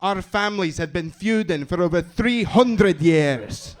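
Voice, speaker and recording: Man doing a big proud Scottish man, Scottish accent, loud and forceful, fierce and solemn, stand-up bit. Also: sits high, lively intonation, unhurried, voice pushed up. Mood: grandly solemn.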